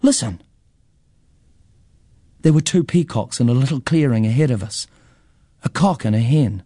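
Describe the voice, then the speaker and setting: A man narrating a first-person story in a measured, expressive way. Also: medium pitch, breathy edge, no room sound, clean studio sound.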